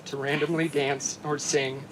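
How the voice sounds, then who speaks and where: A man's voice: fairly high pitch, level tone, unhurried, noisy background. Heartfelt groom reading his vows. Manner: earnest, heartfelt, softening at tender lines.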